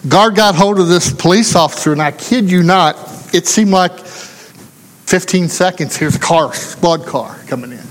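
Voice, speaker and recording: A man preaches a sermon in a folksy storytelling manner, slipping into the voices of the people in his tale. His voice sits high for a man. It rings with the long reverb of a church hall. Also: measured pace. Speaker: pastor.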